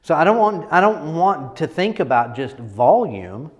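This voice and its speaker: A man's voice: a little high, big pitch swings, a little slow. Emphatic male coach in a reverberant room. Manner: emphatic, repeats words, lots of "right?". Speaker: presentation coach. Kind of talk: casual teaching talk.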